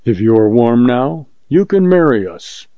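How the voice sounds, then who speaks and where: A man voicing a huge, stubborn farmer who speaks quietly and bluntly in few words. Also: medium pitch, very animated, unhurried, dry recording. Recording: muffled lo-fi recording.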